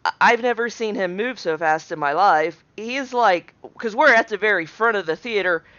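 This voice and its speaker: A woman, a streamer's wife, telling an anecdote in a lively, casual way. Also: medium pitch, moderate pace, no room sound. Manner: animated storyteller, lively quoting. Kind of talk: casual storytelling. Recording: dry, dull lo-fi mic.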